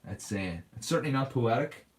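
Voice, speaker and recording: Man, casual livestream chat, laid-back, quick to laugh, mid-pitched voice. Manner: relaxed and chatty, laughs often. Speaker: livestream host. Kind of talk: casual livestream chat reading viewer comments.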